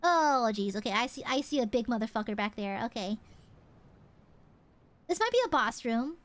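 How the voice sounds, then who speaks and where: A woman's voice: on the high side, sing-song, normal speed. A woman streamer giving casual gameplay commentary, playful and boastful, swearing and talking to her chat.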